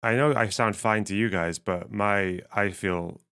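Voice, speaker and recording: A man live-streaming casual commentary while reading chat, his voice strained and missing its lower range, swearing and laughing as he thinks aloud. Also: a little slow, a bit bright, smooth.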